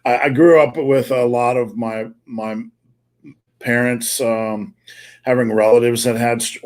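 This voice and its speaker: A man's voice: medium pitch, steady tone, unhurried, darkish tone. Blunt middle-aged man with faint Wisconsin accent. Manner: blunt, profane, jokey. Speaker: podcast host answering viewer questions. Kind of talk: live podcast chat. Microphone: remote call.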